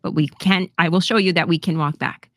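A woman's voice: lowish voice, fairly even intonation, brisk, no room sound, studio quality. A middle-aged woman telling a personal story on a podcast in a candid, casual way, swearing freely and laughing often. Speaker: podcast co-host.

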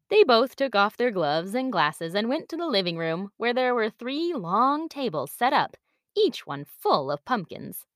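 Woman reading a kids story out loud, expressive, kinda high voice. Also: unhurried, no room sound, clean studio sound. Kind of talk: children's story read-aloud.

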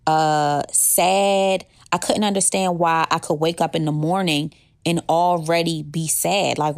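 A woman's voice: lowish voice, no echo, studio quality. A young adult woman telling her own story in a candid, conversational way with casual slang. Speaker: former 911 dispatcher telling her story. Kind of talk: personal storytelling.

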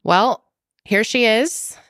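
A woman's voice: a little high, slow pace, a bit bright, dry recording, studio quality. A woman co-hosting a podcast, teasing and playful in casual chat. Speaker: podcast co-host.

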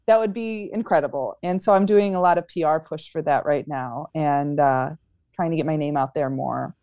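A woman's voice: low-pitched, moderate pace, dark tone, clean tone, dry recording, studio quality. A young adult woman comedian chatting in an interview, upbeat, with frequent fillers and restarts. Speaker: stand-up comedian guest. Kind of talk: casual interview chat.

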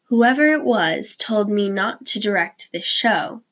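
A woman reading the part of a tired, patient male theater director who speaks wearily and gently. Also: medium pitch, animated, measured pace. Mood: weary. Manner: weary, gentle.

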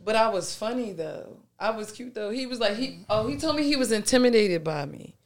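A woman's voice: a little high, lively intonation, brisk, a crowd in the background. A woman in her thirties hosting a podcast, telling brash stories with a laugh in casual chat. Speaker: podcast host.

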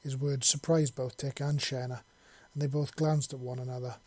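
A man reads a science fiction story aloud at a steady, even pace. His voice is husky and mellow, with very little rise and fall. The recording is close and dry. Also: medium pitch, moderate pace, few pauses, dry recording. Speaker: audiobook reader. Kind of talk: story narration.

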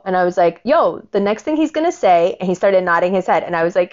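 A woman in her forties delivers a heated, profanity-laced monologue, slipping into lowered voices when quoting others. The audio is slightly dull and lo-fi. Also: a little fast, few pauses. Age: 40s. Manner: profane, animated, quotes people in lowered voices. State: angry. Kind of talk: casual ranting monologue.

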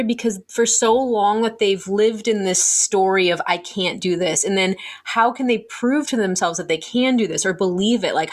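A young woman hosting a casual podcast conversation, talking in a thoughtful, reflective way and asking questions. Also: mid-range voice.

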